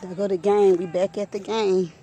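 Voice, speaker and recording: A woman's voice: mid-range voice, steady tone, moderate pace, mellow. A woman chatting casually to her viewers while walking a nature trail outdoors, out of breath and talking into a handheld phone. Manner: chatty, keeps addressing viewers as y'all. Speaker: vlogger.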